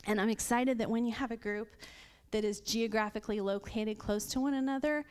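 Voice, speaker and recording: A woman's voice: fairly high pitch, fairly even intonation, fairly quick, clean tone. A woman in her thirties sharing an earnest personal testimony at a women's Bible study. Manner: earnest, warm storytelling with light laughs. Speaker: church member sharing a testimony.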